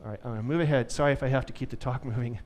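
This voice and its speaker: A man's voice: medium pitch, racing, darkish tone. A man giving a live conference tech talk to an audience, upbeat and joking. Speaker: conference speaker.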